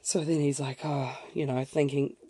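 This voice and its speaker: A woman's voice: extremely low pitch, little pitch movement, normal speed, mellow, husky, no room sound, clean studio sound. A young woman telling a story in a casual podcast, chatty and full of fillers and sidetracking asides. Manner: chatty, lots of fillers, self-interrupting asides. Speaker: podcast host.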